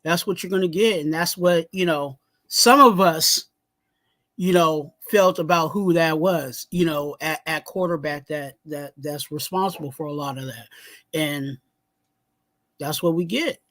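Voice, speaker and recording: A man hosting a fan sports show, ranting heatedly and often shouting, with lots of "you know what I'm saying". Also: fairly high pitch, unhurried, dry recording. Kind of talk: casual sports talk, ranting segment.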